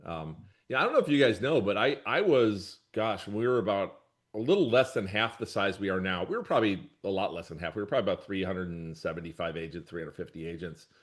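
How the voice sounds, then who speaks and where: A man's voice: deep voice, animated, fast. A middle-aged man, a brokerage leader answering interview questions in a rambling, easygoing way, often correcting himself and laughing.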